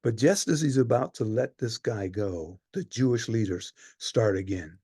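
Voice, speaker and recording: Brief: man playing a weary Roman centurion, husky gravelly voice, dramatic monologue, hushed to loud. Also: mid-range voice, normal speed, dry recording, studio quality. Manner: storytelling, swings from hushed to loud. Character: weary Roman centurion telling his story. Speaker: actor in a one-man play.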